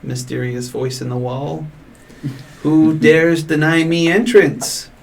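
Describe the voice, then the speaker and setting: Flustered gnome adventurer, voiced by a man, slow, halting delivery. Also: on the high side, steady tone, voice pushed up. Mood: bold. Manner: fumbling, unsure.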